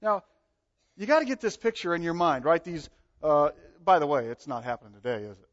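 A man preaching a sermon in a fairly high voice, animated and dramatic. He acts out the voices in the text and swings between loud and soft. The recording sounds dull and lo-fi. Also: brisk.

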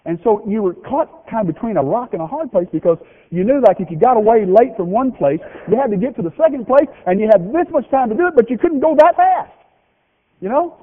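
Joking preacher guy, voice jumps all over, tinny radio sound in a big hall. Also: fairly quick. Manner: folksy, joking preacher with lively swings in pitch. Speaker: pastor. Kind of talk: sermon.

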